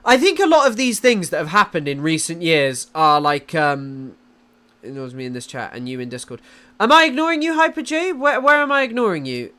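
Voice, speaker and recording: A man's voice: fairly high pitch, fairly bright tone, clear, resonant tone. A man with a Southern English accent doing casual live-stream commentary, swearing freely and answering chat as he goes. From England.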